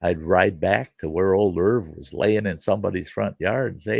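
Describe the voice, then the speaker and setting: Hardly pausing, a middle-aged man hosting a show spins a rambling, folksy childhood tale, dropping "you know" and similar fillers. His lowish, gravelly voice runs at normal speed, with no echo in the recording.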